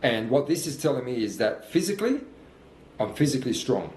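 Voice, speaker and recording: A man's voice: medium pitch, sing-song, a little fast, darkish tone. A man in his fifties, out of breath between sprints, giving earnest, repetitive motivational talk in a workout vlog. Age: 50s. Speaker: fitness coach. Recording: roomy sound with faint background noise.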